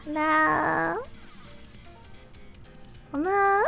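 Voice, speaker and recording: A woman streamer in casual live-stream chat, slightly hoarse, giggling and chatting with her viewers. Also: very high-pitched, fairly even intonation, drawn-out words, sharp tone, faint music behind.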